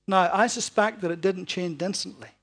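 A man preaching a sermon to a congregation in a relaxed, chatty way, often ending points with tag questions. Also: high-pitched, normal speed, slightly rough, soft background music. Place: church hall before a congregation.

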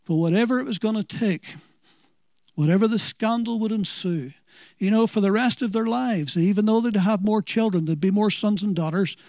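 A man's voice: sits high, normal speed, darkish tone, dry recording, studio quality. A man with a Northern Irish accent preaching a sermon, telling it as an earnest story and asking the listeners questions.

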